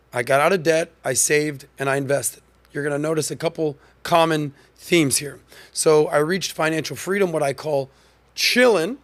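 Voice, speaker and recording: A podcast host with a slightly high voice gives a commentary monologue that is punchy, emphatic and conversational.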